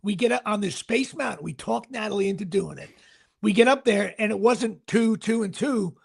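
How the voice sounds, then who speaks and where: A middle-aged man hosts a laid-back podcast chat with a high, gravelly voice. He rambles through his stories and plugs his upcoming shows. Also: normal speed. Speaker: podcast host.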